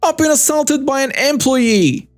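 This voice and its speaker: Guy doing a shrill pushy karen lady, high voice, keeps insisting. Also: expressive, a little slow, faint music behind. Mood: shrill accusing. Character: shrieking entitled woman shopper, accusing.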